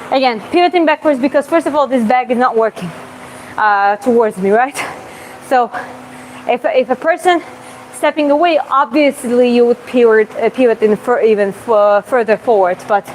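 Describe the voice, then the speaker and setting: Answering questions from viewers live, a woman coach works combinations on a heavy bag at the gym, keeping it casual and marking punches with quick "boom" sounds. Her voice is a little mellow; the audio is poor, with slight background noise.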